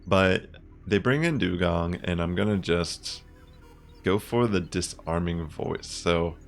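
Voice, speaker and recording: A young man casually commenting on his own online game matches, chatty and relaxed, thinking aloud with fillers. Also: deep voice, slow, vocal fry, soft background music. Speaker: gaming content creator.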